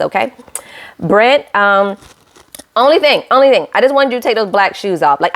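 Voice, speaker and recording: Chatty woman recapping a reality show. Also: mid-range voice. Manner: chatty and animated, talks straight to viewers with playful asides. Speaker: reality TV reviewer. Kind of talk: casual recap vlog.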